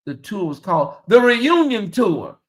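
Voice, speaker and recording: A man hosting a casual livestream, sassy and animated, often mimicking voices. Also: high voice, measured pace. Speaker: host.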